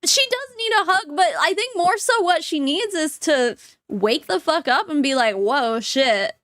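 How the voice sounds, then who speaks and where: Young woman, high bright voice, sardonic commentator, dry close sound. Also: expressive, moderate pace, no echo. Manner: blunt, sarcastic, laughs often. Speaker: commentary host. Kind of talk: reaction commentary.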